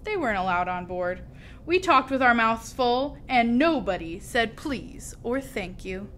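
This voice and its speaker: A woman reading a children's story aloud with expressive, lively storytelling. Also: fairly high pitch, unhurried, slight background noise. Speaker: storybook reader.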